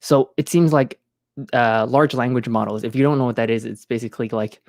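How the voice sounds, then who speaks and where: A man's voice: medium pitch, a little fast, no room sound. A man streaming from home, chatting casually into a close mic, rambling with many fillers and restarts. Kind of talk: casual live-stream chat.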